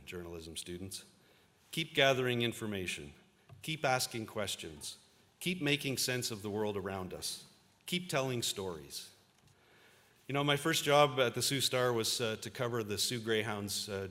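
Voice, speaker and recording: Pushed and bright, his lowish voice is expressive and moves at a normal speed, with a big-room sound. The speaker is a man in his fifties, an Ontario journalist telling anecdotes, with a few fillers, in a convocation speech in a large auditorium.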